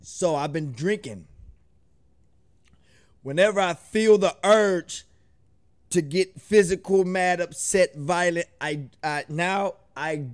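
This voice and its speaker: A man's voice: high-pitched, takes it slowly, long pauses. A man hosting a reaction video, talking to his viewers in a laid-back, joking way. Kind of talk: casual reaction commentary.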